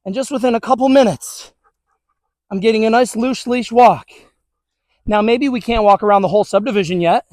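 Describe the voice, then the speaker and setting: A man's voice: high voice, a little fast, pauses often, a little mellow, no room sound, studio quality. A male dog trainer giving an upbeat, chatty demonstration outdoors on a suburban street, talking to viewers while praising the dogs.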